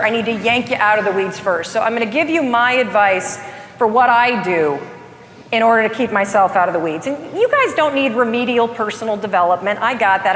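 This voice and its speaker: A woman giving a brisk, joking motivational talk to an audience from a stage. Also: on the high side, a bit bright, slight background noise. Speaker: motivational speaker. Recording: echoey hall from a distance.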